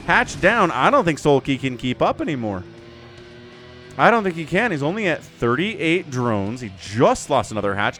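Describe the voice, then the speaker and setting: A man casting a strategy video game alone, play-by-play commentary full of joking asides. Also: fairly high pitch. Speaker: esports shoutcaster. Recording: faint background music.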